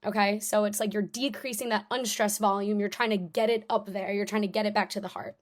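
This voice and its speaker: A chatty young woman leads a live online review lesson, talking loosely with lots of fillers. Her pitch sits in a middle range and she stays informal throughout. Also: fairly even intonation, a little fast. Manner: casual, chatty, many fillers. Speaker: tutor.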